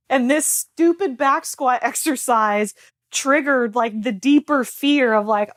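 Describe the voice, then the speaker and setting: A woman's voice: a little high, a little slow, fairly bright tone, no room sound, studio quality. A woman health coach in a casual talk, telling a personal story in a chatty way, full of fillers and quoted back-and-forth.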